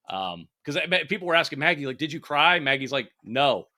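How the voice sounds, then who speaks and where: Speaking fairly quickly with few pauses, a man in his thirties swears freely as he animatedly recommends a film on the podcast he co-hosts. His voice sits mid-range, and the chat is casual.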